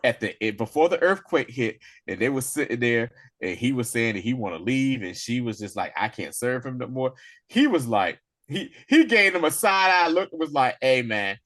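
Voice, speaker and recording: Man, casual co-host, relaxed, joking, mid pitch. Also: normal speed. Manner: relaxed, joking, lots of agreeing murmurs. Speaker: podcast co-host. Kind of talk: casual recap chat.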